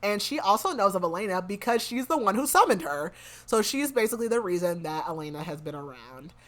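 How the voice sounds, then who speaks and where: A woman's voice: medium pitch, very animated, fairly quick. A woman hosting a podcast, casually recapping a story in a rambling way full of "like". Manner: rambling, fills speech with "like". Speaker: podcast host.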